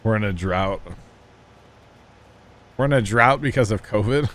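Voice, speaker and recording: A man's voice: fairly low pitch, measured pace, a bit bright. A man casually chatting with his viewers while streaming a farming game, rambling through folksy stories and asides. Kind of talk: casual livestream chat while playing.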